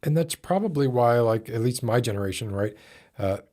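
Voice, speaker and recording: A man's voice: mid-range voice, lively intonation, brisk, dark tone. A man hosting a casual chat, rambling and hesitant as he talks things through. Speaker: podcast host.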